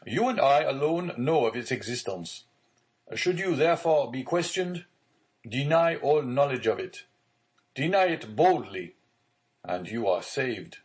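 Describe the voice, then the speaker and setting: A man's voice: medium pitch, expressive, unhurried, pitched above the performer's own voice, close to an everyday voice. A man reading the part of a pale, frightened magistrate who gives urgent, tense orders. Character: pale frightened male magistrate, anxious, commanding.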